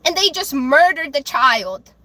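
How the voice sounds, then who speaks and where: A woman livestreaming, ranting angrily to her chat, with halting restarts and repeated words. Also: sits high, very animated, bright, forceful tone, no room sound. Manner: angry, heated ranting with swearing.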